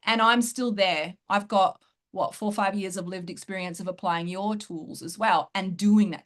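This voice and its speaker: A woman coach talking through her group program in a casual interview, excited and quick to laugh. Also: mid-range voice. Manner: excited, laughs often, fast bursts. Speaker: host and coach.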